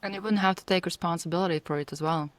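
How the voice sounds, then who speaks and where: Host, woman, lower voice, thoughtful questioner, dry studio sound. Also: steady tone, very fast, no echo. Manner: thoughtful, rephrases while asking questions. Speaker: podcast host. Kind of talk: conversational interview.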